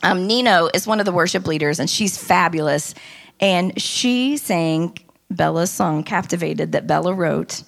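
A woman casually telling a lively story about a conference trip, often quoting people in animated voices. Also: on the low side, unhurried, vocal fry. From United States. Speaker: speaker recounting a women's conference trip.

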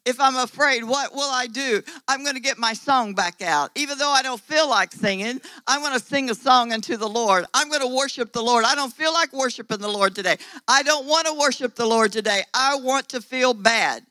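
A man preaching a sermon to his congregation, fervent and exhorting, swinging between loud urgent passages and quiet, low stretches. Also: normal speed, hardly any pauses, dry recording, poor audio. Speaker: pastor.

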